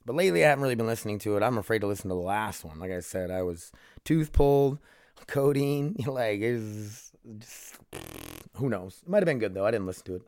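A man's voice: on the low side, lively intonation, brisk, darkish tone, no room sound, studio quality. A man hosting his own podcast, talking casually in a rambling, profane, self-deprecating way. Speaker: podcast host. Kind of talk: casual solo podcast chat.

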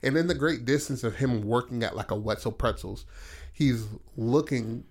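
A man casually pitching a story idea in loose, profane talk, acting out the characters' lines. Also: moderate pace. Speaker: podcast host.

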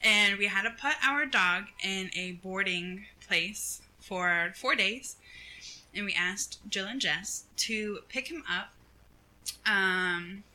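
A young woman co-hosting a casual chat, telling a story in an animated way and acting out what people said. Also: mid-range voice, poor audio. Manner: animated storyteller, acts out quotes, laughs often. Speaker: podcast co-host.

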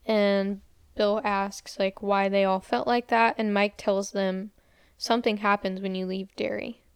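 A woman's voice: mid-range voice, level tone, a little slow, smooth, dry recording, studio quality. A young woman casually retelling a movie's scenes, quoting characters and saying "like" a lot. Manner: retells scenes with quoted lines, frequent "like". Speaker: podcast co-host recapping a movie. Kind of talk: casual movie recap storytelling.

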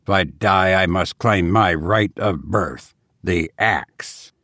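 A haughty nobleman in a storybook, proud and indignant, speaking low and deliberately with a gravelly voice, as a man reading aloud puts him on. The recording is dry and close. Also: fairly bright tone, no echo, full character voice.

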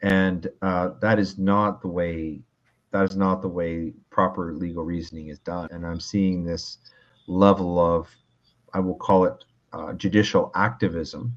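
A man from Canada with a very low voice talks law in a calm, measured way, often restarting his sentences as he builds an explanation. The audio sounds a little dull and lo-fi, like a remote connection. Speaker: lawyer guest. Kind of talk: casual interview talk.

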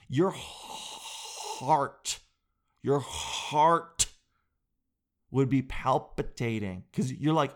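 A man comedian telling a comic monologue in an animated, profane storytelling way. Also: medium pitch, slow. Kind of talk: stand-up style comic monologue.

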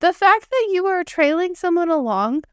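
A woman's voice: extremely high pitch, sing-song, moderate pace, fairly bright tone, no room sound, studio quality. A woman co-hosting a casual podcast, ranting bluntly and emphatically about relationships, with some swearing. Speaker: podcast co-host. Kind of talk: casual chat, opinionated rant.

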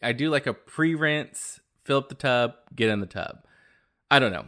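A man hosting his own podcast, talking in a casual, animated and gossipy way, often exclaiming. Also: mid-range voice, moderate pace. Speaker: podcast host.

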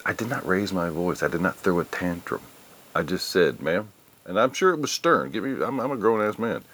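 A man's voice: sits low, lively intonation, fairly quick, fairly bright tone. A middle-aged man hosting a podcast, telling stories in blunt, profane casual chat. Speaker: podcast host.

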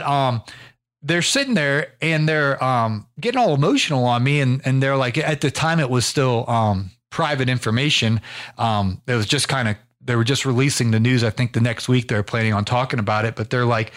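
An American man hosts his own podcast, rambling casually through a story with lots of fillers and restarts. His mid-range voice is expressive and fairly bright, at a normal speed.

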